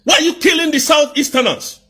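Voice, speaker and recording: A man from southeast Nigeria with a very high-pitched, brisk voice unleashes an angry political rant. He repeats rhetorical questions over and over and breaks into bursts of shouting.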